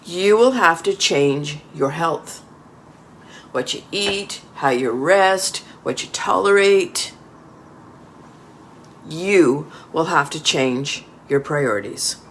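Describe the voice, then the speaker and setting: A man's voice: a little high, a bit bright, slight background noise. A man reading a scripted motivational speech in a firm, emphatic way.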